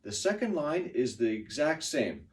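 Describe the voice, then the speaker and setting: A man teaching a pronunciation lesson to a class, patient and lively, exaggerating the stressed words. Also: medium pitch, unhurried, far from the mic.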